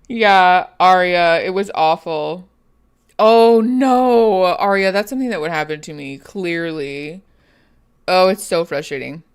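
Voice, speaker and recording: A woman's voice: fairly low pitch, lively intonation, slow pace, clear, resonant tone. A woman therapist hosting a casual live stream, chatting and laughing often as she reads viewer comments. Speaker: therapist and livestream host.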